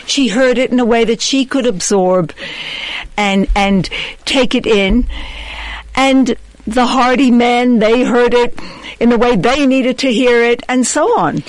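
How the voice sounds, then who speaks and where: A woman's voice: a little high, a little slow, dry recording, rough recording. A woman hosting a discussion on faith and marriage, thoughtful and affirming. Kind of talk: reflective religious discussion.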